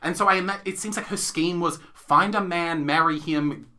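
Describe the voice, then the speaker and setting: A man's voice: on the high side, moderate pace, pushed and bright. Man, Australian accent, podcast co-host, casual chat, giggly, rambling. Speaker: podcast co-host, theatre reviewer.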